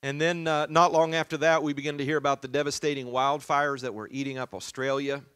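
A male pastor telling a family story during a sermon, in a relaxed, conversational way with frequent fillers. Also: mid-range voice, brisk, clean tone, dry recording.

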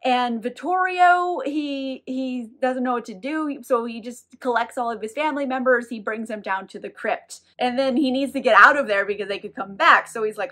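A chatty woman with a slightly high voice retells a novel's plot in a loose, irreverent way. She swears casually and slips into quick voices for the characters. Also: sharp tone. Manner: chatty, irreverent, swears freely, acts out quoted lines. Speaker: book reviewer. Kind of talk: casual book recap.

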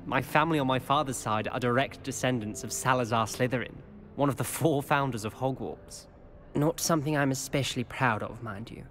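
A courteous young wizard schoolboy, dry and well-spoken, heard as game audio with music running beneath him. A man voices him at a middle pitch. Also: brisk, fairly bright tone, lightly acted. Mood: wry. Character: young male pure-blood student, polite and wry. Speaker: game character.

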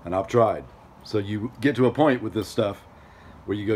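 A man with a fairly low voice vlogs outdoors at a storage unit facility. He tells his story in a loose, chatty way and acts out other people's lines as he goes. A faint outdoor hum sits behind him. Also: normal speed, a little mellow. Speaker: outdoor gear vlogger. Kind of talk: casual storytelling vlog.

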